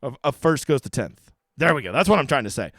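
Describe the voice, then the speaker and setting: A man hosting a fantasy golf strategy breakdown in a loose, fast, profane way, with quick side remarks. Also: mid-range voice, very animated, a bit bright, dry recording, studio quality. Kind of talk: casual screen-share breakdown.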